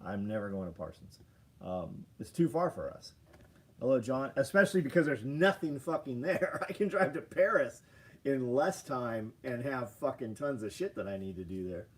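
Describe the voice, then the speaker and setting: A man's voice: medium pitch, moderate pace, breathy edge. A man hosting a casual livestream, talking bluntly and profanely and reacting to viewer comments. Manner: blunt, profane, animated ranting. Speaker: livestream host.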